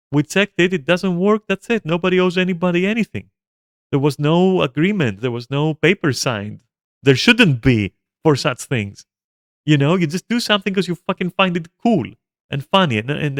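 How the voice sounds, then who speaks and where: A man streaming a game, telling a story casually, animated and profane, with lots of fillers and restarts. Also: a little high, no room sound, studio quality. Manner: animated, profane, frequent fillers and self-interruptions; chats to viewers and a pet between stories.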